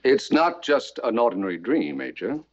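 A fussy, prim army psychiatrist. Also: male voice, mid-range voice, sing-song, normal speed, muffled recording. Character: fussy middle-aged male military psychiatrist. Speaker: doctor, psychiatrist.

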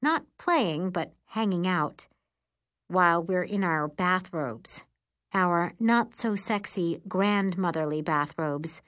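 Woman reading a story out loud, slow, calm, first person. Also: fairly low pitch. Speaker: audiobook narrator. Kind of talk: scripted first-person narration.

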